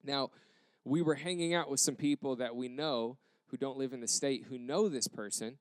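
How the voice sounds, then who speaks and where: A young American man, a pastor, telling a story in a sermon with animated acted quotes. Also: mid-range voice, normal speed, smooth, no room sound. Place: church campus.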